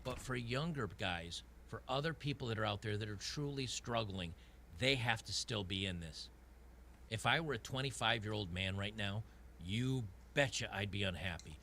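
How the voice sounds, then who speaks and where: Gravelly man ranting over gameplay. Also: lowish voice, normal speed, bright, forceful tone, slight background noise. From Tennessee. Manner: frustrated, repetitive restarts, sarcastic. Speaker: gaming channel host.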